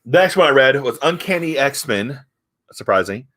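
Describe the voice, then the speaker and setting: A man's voice: medium pitch, lively intonation, measured pace, fairly bright tone. A middle-aged man from the United States chatting casually about comics, rambling and hesitant but frank. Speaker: comic review host. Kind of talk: casual chat.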